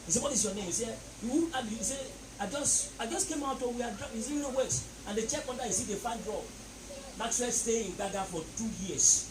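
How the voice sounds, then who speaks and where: Preacher, echoey hall, far mic. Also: male voice, very high-pitched, lively intonation, fairly quick. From Nigeria. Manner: emphatic, repeating phrases and leading call-and-response. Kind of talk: sermon. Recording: echoey, distant mic, noisy.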